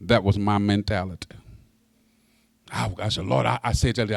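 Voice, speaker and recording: Preaching as pastor, this man in his sixties talks to his congregation plainly and folksily, a little fast. His creaky voice rises sharply on emphasis and trips over repeated words, and there's no echo.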